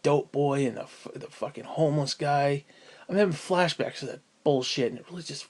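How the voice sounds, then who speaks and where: A man's voice: fairly high pitch, brisk. A man venting at home in a casual vlog, profane and sighing as he rants. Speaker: vlogger.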